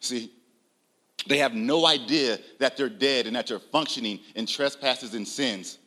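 A man delivering a sermon in a bright, ringing voice. He swings between loud, raised declarations and quiet, low asides, and keeps asking his listeners questions. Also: a little slow. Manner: emphatic, rising loud on key lines, drops low and soft; uses rhetorical questions and audience address. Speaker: preacher.

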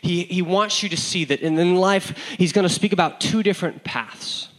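Bright-voiced, animated young pastor preaching. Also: male voice, high-pitched, poor audio. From San Diego area. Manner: animated, self-deprecating, fast-talking with restarts. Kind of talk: sermon with personal storytelling.

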